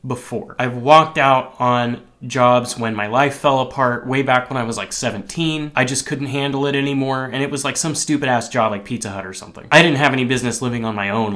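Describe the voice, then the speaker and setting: With a sharp tone and a mid-range voice, a man who cooks on the line rambles through a personal story. He's candid and swears a lot, often starting his sentences over.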